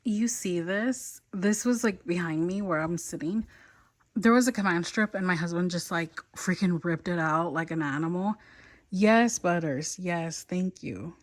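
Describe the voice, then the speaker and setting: A woman's voice: lowish voice, normal speed. A young woman chatting casually in a reading vlog, gushing and easily delighted. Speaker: book vlogger.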